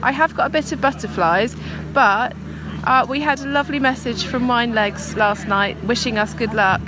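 A woman's voice: a little high, normal speed. Giggly woman outdoors. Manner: giggly, chatty. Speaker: podcast co-host. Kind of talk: casual chat. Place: outdoors by a road. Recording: outdoor crowd and noise.

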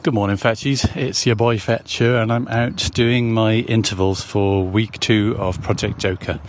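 A man's voice: lowish voice, fairly even intonation, measured pace, slight background noise. A man recording a running log outdoors on his phone, upbeat and talking through his pace numbers. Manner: upbeat, number-focused commentary. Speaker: runner recording a training log. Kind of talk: self-recorded vlog. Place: outdoors on a run.

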